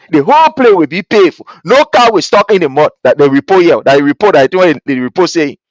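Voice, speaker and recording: This political commentary host, a man with a Liberian English accent, speaks with passion in a very high voice, animated and repetitive, often mimicking those he quotes. The sound is dry, close, and free of echo.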